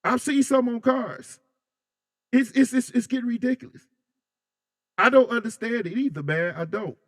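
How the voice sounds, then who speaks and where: A man hosting a casual livestream, chatting loosely with his viewers and reading their comments, animated and joking with plenty of slang. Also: extremely high pitch, normal speed, dry recording, studio quality. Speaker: livestream host.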